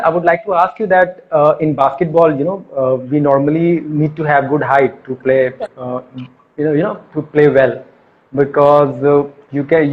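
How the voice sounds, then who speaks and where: A man hosting a live video call interview, courteous and formal, often pausing with fillers. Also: fairly high pitch, lo-fi sound. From India. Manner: courteous, polite formal phrasing, hesitant with fillers. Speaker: interview host.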